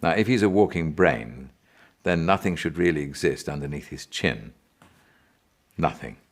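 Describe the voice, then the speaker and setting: A man, an actor, explaining his character in a behind-the-scenes interview, in a deliberate, demonstrative way. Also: extremely low pitch, animated.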